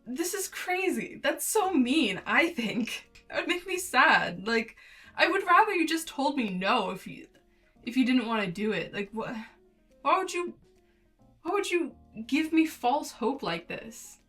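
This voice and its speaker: A woman in her twenties hosting a casual reaction video, reading an online post aloud and reacting with animated, slangy emphasis. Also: sits high, measured pace, faint music behind. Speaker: YouTube host.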